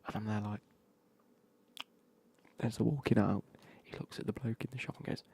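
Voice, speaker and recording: A man's voice: lowish voice, flat delivery, fairly quick, gravelly, pauses often, warm tone. A man whispering through an ASMR gaming stream, rambling and swearing as he chats.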